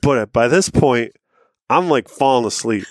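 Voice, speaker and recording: A man's voice: medium pitch, animated, unhurried, no echo, clean studio sound. A man in his thirties, a podcast co-host telling a rambling, profane hunting-and-fishing story with laughs along the way. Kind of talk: casual storytelling.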